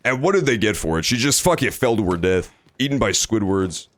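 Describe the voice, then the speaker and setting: A man's voice: very animated, a little fast. A man streaming a game, chatting casually and joking with plenty of swearing. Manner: joking, profane, jumps between high and low pitch. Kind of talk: casual gameplay commentary.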